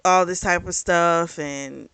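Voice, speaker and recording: A woman reviewing a book in casual chat, retelling the plot in a chatty, animated way. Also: fairly low pitch, slow, clean tone, no echo. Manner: chatty, animated retelling with acted quotes and laughs.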